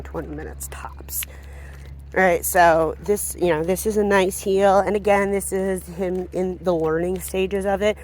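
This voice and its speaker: A woman's voice: fairly low pitch, a little mellow, slight background noise. A woman dog trainer explaining leash work outdoors in a casual, chatty way. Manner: casual, explanatory, talking to a dog between points. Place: outdoors on a walk.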